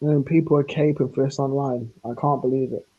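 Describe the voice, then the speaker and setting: A man's voice: medium pitch, steady tone, brisk, mellow. A man on a live stream, ranting heatedly, laughing often and acting out quoted exchanges. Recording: lo-fi online stream audio.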